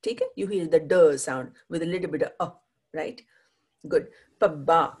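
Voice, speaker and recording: A Punjabi language teacher runs a classroom pronunciation lesson in a low, slightly husky, darkish voice. Patiently, she models each sound, has students repeat after her, and checks understanding with a quick "right?".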